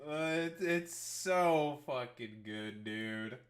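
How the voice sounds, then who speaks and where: A man's voice: mid-range voice, sharp tone. A man streaming a game, chatting casually, swearing and trailing off mid-sentence. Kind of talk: casual gameplay commentary.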